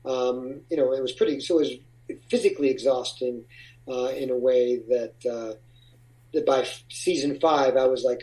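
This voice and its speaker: A man's voice: mid-range voice, steady tone, normal speed, a little mellow, recorded from a distance, rough recording. A man being interviewed about his acting career, talking casually in rambling, restarting sentences. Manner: rambling, with frequent restarts and laughs. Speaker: actor, interview guest.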